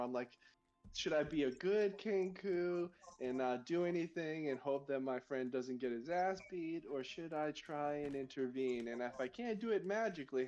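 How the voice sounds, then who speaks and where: Hesitant player, dull lo-fi sound. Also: male voice, medium pitch, darkish tone. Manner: hesitant, restarting, thinking aloud. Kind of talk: tabletop game table talk.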